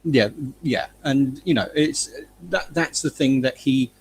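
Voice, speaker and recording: A man joining a casual online hangout as a guest, speaking hesitantly with many pauses and restarts. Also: mid-range voice, slight background noise. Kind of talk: casual live hangout chat.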